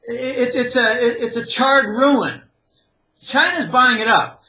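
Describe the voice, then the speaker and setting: A man's voice: extremely high pitch, takes it slowly, pushed and bright, rough recording. A man from the Pittsburgh area, an interview guest, making emphatic warnings in a repetitive, opinionated way. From Greater Pittsburgh, USA. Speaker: interview guest, economic analyst.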